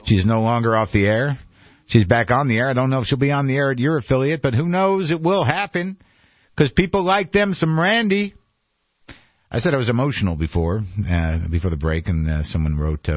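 A man's voice: mid-range voice, expressive, a little fast, no echo. A man hosting a call-in radio talk show, rambling and self-deprecating in a conversational way. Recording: dull lo-fi radio broadcast.

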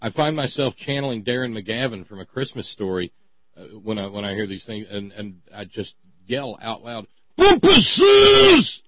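A man's voice: fairly low pitch, normal speed, no echo, muffled recording. A man hosting a talk radio show, speaking in a rambling, sarcastic way with many stammered restarts.

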